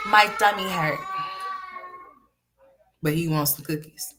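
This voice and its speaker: A woman's voice: on the low side, slow pace, long pauses, music in the background. A woman hosting a casual livestream, chatting with viewers and turning to talk to her son at home. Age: adult parent. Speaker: livestream host.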